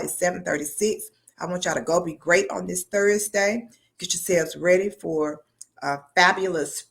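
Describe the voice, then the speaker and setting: A woman's voice: lowish voice, vocal fry, fairly bright tone. A woman doctor hosting a live question-and-answer stream, talking in a frank, folksy, emphatic way. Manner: frank, folksy and emphatic, often says y'all. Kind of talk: casual live-stream talk.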